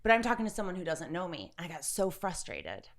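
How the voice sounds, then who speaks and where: A woman in casual podcast chat, telling a story in an animated, blunt way, laughing often. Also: on the low side, a little fast, creaky. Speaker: podcast guest.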